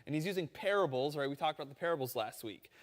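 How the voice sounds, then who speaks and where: A man preaching a sermon, telling a story with animated quoted voices. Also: fairly high pitch, quick pace, in a large hall. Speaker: pastor.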